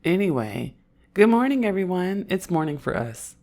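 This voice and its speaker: A woman in her thirties from Oakland with an Oakland accent, co-hosting a podcast in casual banter, her voice hoarse and raspy, playful and blunt. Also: fairly low pitch, big pitch swings, normal speed, a little mellow. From Oakland, California. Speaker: podcast co-host.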